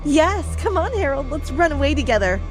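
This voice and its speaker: A woman voicing a young female teacher in an animated story, with a squealing, gushing manner and music under her voice. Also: a little high, normal speed. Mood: gleeful. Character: young female teacher, flighty then shrill and scheming.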